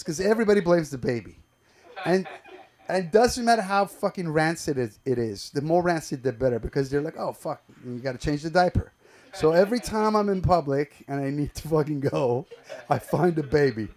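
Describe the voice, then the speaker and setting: A man on a comedy club stage working through an open mic set. His talk is profane and loose, stalling on ums and restarting sentences before landing the joke. His voice sits a touch higher than most men's. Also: a little mellow. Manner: profane, rambling storytelling with many fillers and restarts. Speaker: stand-up comedian.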